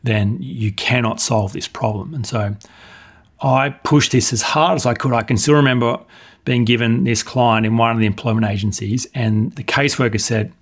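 A man's voice: mid-range voice, moderate pace. A man, a coach and author, telling stories bluntly and animatedly in a podcast interview. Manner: blunt, animated retelling with acted dialogue.

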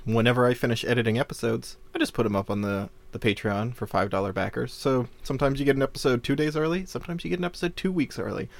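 A man's voice: medium pitch, fast, vocal fry, few pauses. A man co-hosting a podcast, rambling casually with many fillers. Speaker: podcast co-host and editor.

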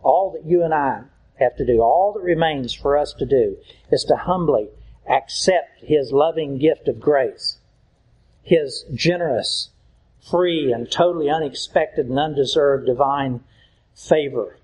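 A man's voice: on the high side, a little slow, darkish tone, slightly rough, rough recording. A man preaching a sermon as pastor, earnest and pleading, often repeating his key lines for emphasis.

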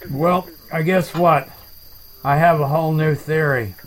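A man hosting a comedic chat show, rambling deadpan and making up silly words. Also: fairly high pitch, a little slow, low-quality recording. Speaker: podcast host.

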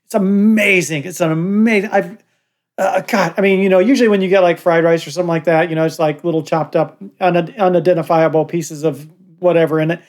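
An older man co-hosting a podcast with his son, telling stories in a joking, animated way. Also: fairly high pitch, a little fast. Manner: joking, animated, laughs often. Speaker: podcast co-host. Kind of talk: casual podcast chat.

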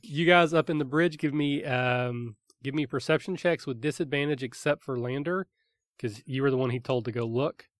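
A man's voice: medium pitch, steady tone, moderate pace, no room sound, studio quality. A man running a tabletop game as game master, describing scenes vividly and calling for dice rolls. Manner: vivid descriptive narration with fillers.

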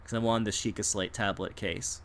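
A man's voice: on the low side, moderate pace, slight background noise. A man in casual chat telling a story with lots of energy, laughing and acting out the people in it. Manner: animated, laughs often, acts out people in quotes.

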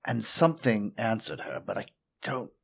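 A man's voice: fairly low pitch, sing-song, moderate pace, vocal fry, slightly rough, full character voice. A man voicing Byron, an adventurer who has just woken from a vision, talking hesitantly and searching for words. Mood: uneasy. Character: Byron, a shaken male adventurer seer.

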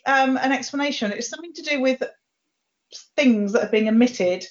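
Woman podcast host, chatty and self-deprecating; a touch high, muffled recording. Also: normal speed. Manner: chatty, self-mocking, laughs often. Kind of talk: casual chat. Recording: dull lo-fi audio.

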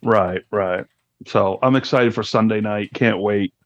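A man co-hosting a casual TV recap podcast, relaxed and joking. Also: lowish voice, a little slow, dry recording. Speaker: podcast co-host. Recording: dull, muffled podcast audio.

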